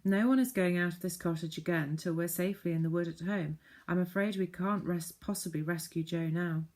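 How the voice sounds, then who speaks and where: A woman reading brisk Moonface. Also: on the low side, a little mellow, natural voice. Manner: brisk and decided. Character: fussy, decisive little man Moonface.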